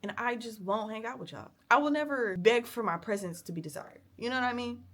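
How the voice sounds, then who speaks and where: A woman's voice: fairly high pitch, fairly quick, a bit bright. Young woman vlogger, candid emotional rant, cusses freely. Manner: blunt, profane, emotional venting.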